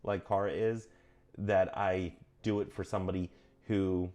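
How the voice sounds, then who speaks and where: A man casually talking through a witchcraft book on his vlog, earnest and self-correcting, often drifting onto tangents, his pitch jumping up when he gets emphatic. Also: level tone, unhurried, a little mellow. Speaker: vlogger reading and commenting on a witchcraft book. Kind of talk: casual rambling vlog commentary.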